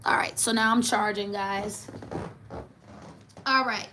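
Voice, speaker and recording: A woman's voice: medium pitch, fairly even intonation, slow, pushed and bright, roomy sound, slight background noise. A woman doing a casual tarot reading for viewers, talking in a blunt, mocking, sassy way. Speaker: tarot reader.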